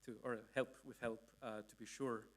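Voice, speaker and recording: A man's voice: mid-range voice, level tone, normal speed. A man giving a sermon, recounting a speech in a conversational way, full of restarts and tag questions. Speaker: preacher. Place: church hall.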